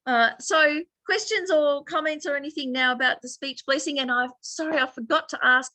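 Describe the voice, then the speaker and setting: Bright-voiced Australian woman teaching meditation. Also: sits high, lively intonation, moderate pace, no room sound. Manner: chatty, laughs often, warm explaining. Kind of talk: online dharma class.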